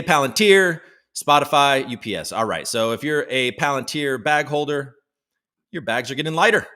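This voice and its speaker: A man's voice: medium pitch, sharp tone. A man hosting a casual live stream, joking around and greeting viewers in the chat by name. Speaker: livestream show host.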